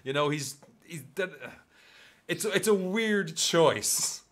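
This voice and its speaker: Man, podcast co-host, bright tone, a bit high-pitched, joking, animated. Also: takes it slowly. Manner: joking, animated, slips into mock voices. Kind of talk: casual film discussion.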